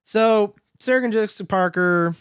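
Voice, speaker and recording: A man's voice: high voice, a little slow, fairly bright tone, clean tone, dry recording, clean studio sound. A man hosting a podcast, recapping a film in rambling casual chat packed with "like" and acted-out quotes. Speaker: podcast host.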